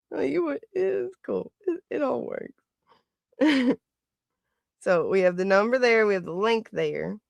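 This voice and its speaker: A woman's voice: medium pitch, sing-song, takes it slowly, vocal fry, long pauses, dry recording. A woman hosting a casual livestream, chatting and laughing often as she greets viewers by name. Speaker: livestream host.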